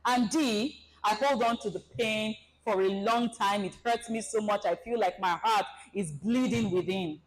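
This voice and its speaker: Woman, seminar presenter, lively, dramatizes scenarios, mid-range voice. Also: medium pitch, unhurried, hardly any pauses, poor audio. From Nigeria. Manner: animated, acts out scenarios. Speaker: relationship seminar speaker. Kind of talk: presentation talk to an audience.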